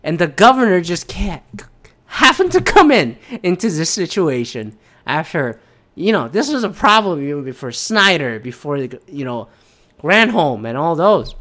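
A young man vents in a blunt, heavily profane rant, his voice often leaping up in pitch when riled and then dropping low and muttered. He restarts his sentences often and talks in a loose, off-the-cuff way. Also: normal speed. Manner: blunt, sweary, excitable, with frequent restarts. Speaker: commentator.

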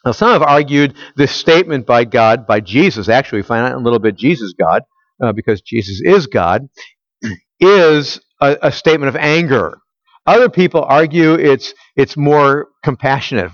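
A man preaches as a pastor in an animated, medium-pitched voice at a moderate pace. Questioning his listeners, he answers for them himself. The recording is dry and lo-fi, dull in tone, with no echo.

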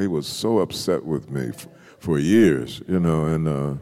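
Brief: older male poet, very low and mellow, animated storyteller, long hall reverb. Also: normal speed, hardly any pauses. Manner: animated storyteller, acts out quotes with laughter. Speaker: poet, interview guest. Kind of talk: storytelling in an interview.

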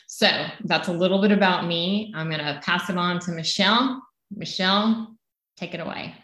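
Low-voiced Southern woman, echoey room. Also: moderate pace, fairly bright tone. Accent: Southern American. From South Carolina. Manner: earnest, emphatic declarations. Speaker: health coach co-host. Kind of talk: podcast introduction and personal story.

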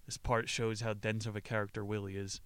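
A man's voice: lowish voice, little pitch movement, a little fast, a bit bright, clear, resonant tone, no echo. A man hosting a podcast, retelling a play in a casual, profane way and laughing as he acts out the characters' lines. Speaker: podcast host.

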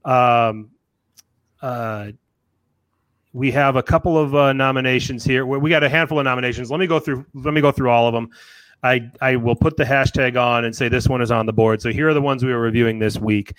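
A man's voice: medium pitch, steady tone, moderate pace, a bit bright, no echo. Dry-sounding casual male podcast host. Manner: laughing, reads out tweets with restarts. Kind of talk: casual chat.

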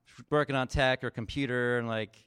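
His mid-range voice is clear, resonant and fairly bright, with fairly even intonation and a fairly quick pace. The pastor gives a casual, chatty sermon, storytelling and voicing the characters while leaning on fillers like "like" and "you know."

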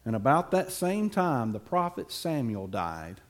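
A man tells a Bible story from the pulpit with wide swings in pitch. He speaks slowly and leaves dramatic pauses, then turns to the congregation with playful asides. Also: big pitch swings. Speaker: preacher telling a Bible story.

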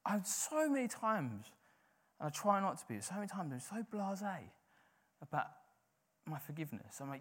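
Male preacher, slightly higher voice, chatty and informal, mid-sermon. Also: big pitch swings, moderate pace, a bit bright, husky. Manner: conversational, informal preaching with frequent fillers.

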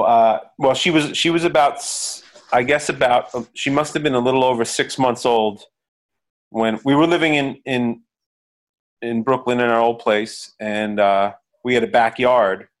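A middle-aged musician and producer with a mid-range voice appears as a guest in a casual interview, speaking haltingly with lots of fillers.

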